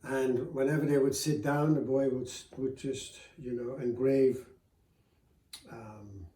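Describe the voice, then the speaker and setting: A man's voice: mid-range voice, fairly even intonation, takes it slowly, warm tone. Guy telling a folk tale off the cuff, chatty with lots of ums, echoey room. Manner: conversational, with fillers and restarts. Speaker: storyteller.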